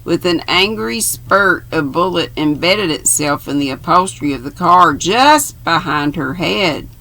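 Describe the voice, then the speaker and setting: An older woman reading a novel aloud, unhurried and pausing now and then to correct herself. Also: lowish voice, lively intonation, bright, forceful tone. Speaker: reader.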